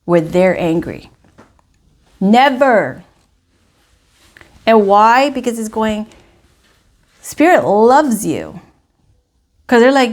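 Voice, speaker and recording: A woman's voice: on the high side, very animated, very slow, pauses often. A woman giving a casual tarot reading to camera, talking emphatically and repeating herself with lots of "you know" and "like". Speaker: tarot reader.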